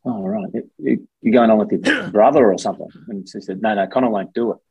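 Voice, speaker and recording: Husky-voiced Australian man, low. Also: fast, darkish tone, no room sound, lo-fi sound. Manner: rambling anecdotes with many fillers. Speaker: guest, former contestant. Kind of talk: casual storytelling interview.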